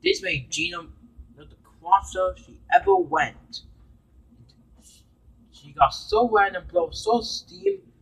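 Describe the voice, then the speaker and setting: Halting male fan-story narrator. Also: high voice, wildly swooping pitch, creaky, a bit bright, breathy edge, low-quality recording. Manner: halting, with restarts and fillers.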